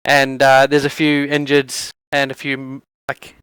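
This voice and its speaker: A man's voice: medium pitch, completely flat delivery, measured pace, fairly bright tone, smooth, no room sound. A man running a tabletop game as game master, narrating with frequent fillers and restarts.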